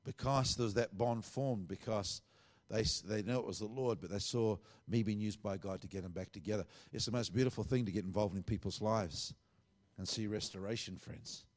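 A man's voice: on the low side, brisk. A middle-aged man, a pastor, earnestly telling a testimony and acting out the dialogue he quotes.

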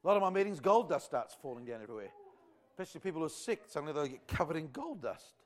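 A man's voice: fairly high pitch, very animated, rapid-fire. A man preaching a revival sermon to a church congregation, fervent and rambling in a conversational way. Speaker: visiting evangelist.

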